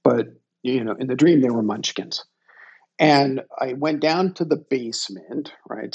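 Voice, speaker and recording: Unhurried and reflective, a guest in his fifties shares a story about himself with self-deprecating humor. He speaks in a mid-range voice that's slightly rough and shows vocal fry.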